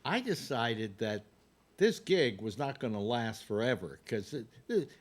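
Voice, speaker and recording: An older man hosting a casual panel chat, telling stories in a rambling way with halting restarts and laughs. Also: mid-range voice, very animated. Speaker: radio talk show host.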